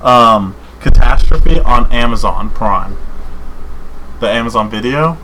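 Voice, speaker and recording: A man co-hosting a podcast in casual chat, rambling and excited, saying dude and man a lot. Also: medium pitch, takes it slowly, background noise. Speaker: podcast co-host.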